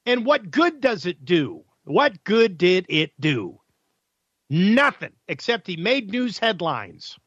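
A man's voice: high-pitched, big pitch swings, slow pace, a bit bright, husky, no echo, dull audio. A male talk radio host delivering an opinionated, combative monologue full of sarcasm and rhetorical questions.

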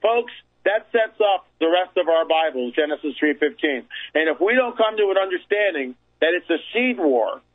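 A man speaking as a guest on a call-in radio show, telling a story with emphatic, repeated phrases. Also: sits high. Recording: tinny phone line.

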